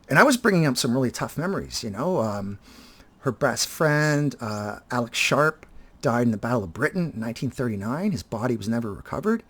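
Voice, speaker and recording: A man in his fifties talking casually and reflectively to his viewers, halting often and repeating words as he restarts his sentences. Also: mid-range voice, expressive, fairly bright tone. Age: 50s. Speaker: vlogger and teacher.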